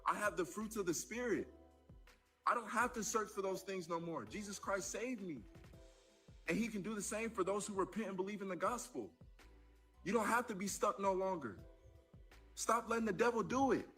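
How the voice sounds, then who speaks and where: A man preaching fervently in a played clip, his high, bright voice tripping over repeated words. Faint music runs under him. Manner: fervent, halting repetitions. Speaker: athlete speaking in a clip. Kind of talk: impassioned preaching.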